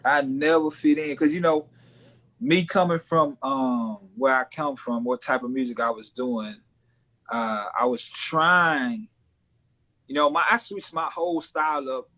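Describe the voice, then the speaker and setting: A man's voice: mid-range voice, fairly even intonation, a little slow, sharp tone. Earnest, laid-back male guest. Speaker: guest rap artist. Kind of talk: casual interview chat.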